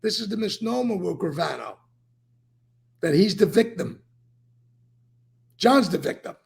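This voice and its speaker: A man's heavily gravelly voice, rough and husky, pitched a little high for a man. He speaks as an interview guest, laying out events with emphatic, animated storytelling. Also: unhurried. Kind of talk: recounting and explaining.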